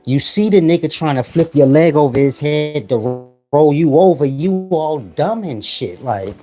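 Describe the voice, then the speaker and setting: A man holds forth in a crude, casual comic monologue, full of slang and swaggering asides. His pitch rises and falls animatedly from line to line. Faint guitar music sits behind his voice. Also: animated, a little slow. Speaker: comedic ranter.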